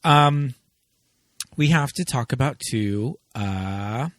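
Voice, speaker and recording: A man's voice: medium pitch, expressive, takes it slowly, fairly bright tone, no echo, studio quality. A man co-hosting a casual movie podcast, chatty and laughing often. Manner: chatty, acts out quoted lines, laughs often. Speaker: podcast co-host.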